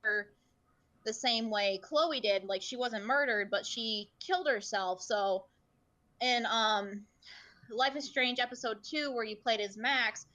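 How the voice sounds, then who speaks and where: A streamer appearing as a podcast guest chats casually in a bright, forceful, slightly high voice. She is earnest and emotional, unhurried, and rambles with plenty of fillers.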